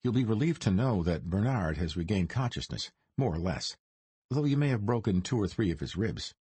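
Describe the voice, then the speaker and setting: A man voicing a suave, dryly ironic mob boss's son in his forties, speaking smooth and deliberate in an audiobook. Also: lowish voice, big pitch swings, warm tone, no room sound, full character voice. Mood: measured. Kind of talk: audiobook character reading.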